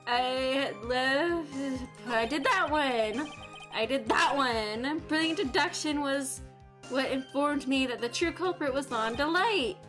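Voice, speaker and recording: A young woman streaming a game, giving loud, frustrated commentary full of swearing. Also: sits high, slow. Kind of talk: live gameplay commentary. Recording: faint game music behind.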